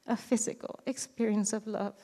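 A woman in her thirties giving a personal faith testimony, earnest and halting, with frequent restarts. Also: mid-range voice, fairly even intonation, dark tone. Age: 30s. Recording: reverberant hall.

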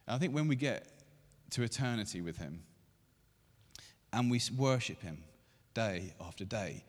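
A man in his thirties preaching a sermon to a church meeting, building to loud, emphatic repeated lines. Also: lowish voice, lively intonation, normal speed. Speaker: pastor. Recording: long hall reverb.

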